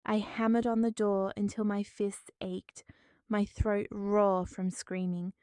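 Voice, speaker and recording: A woman narrating a dramatic first-person story in a measured, formal way. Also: medium pitch, flat delivery, darkish tone, clean tone, no echo.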